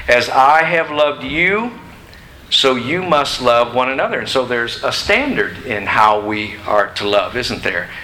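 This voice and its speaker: Bright-voiced man preaching a sermon. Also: medium pitch, slight background noise, poor audio. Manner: emphatic, questioning the congregation. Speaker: pastor. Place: church sanctuary.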